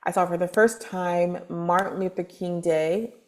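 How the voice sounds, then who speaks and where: A woman guest on a podcast, telling a personal story in a loose, animated way and acting out what others said. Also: fairly low pitch, normal speed. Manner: animated, acts out quoted dialogue with laughs; loose, filler-heavy talk with restarts. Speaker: guest, spiritual advisor. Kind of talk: casual storytelling interview.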